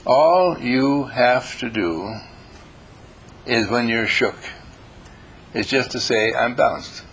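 An older man teaches a small group in a homespun, folksy way, his voice sitting at an ordinary middle pitch. He talks informally and lightens his points with playful quoted voices. A faint hiss runs underneath. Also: lively intonation, takes it slowly, vocal fry, fairly bright tone, rough recording. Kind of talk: informal motivational talk.

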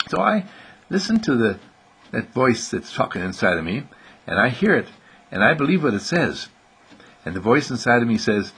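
A man telling a playful bedtime story to children in an animated, sing-song way, slipping into little voices and easing toward sleep. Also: lowish voice, moderate pace, slightly rough. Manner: soothing and soft when winding down to sleep.

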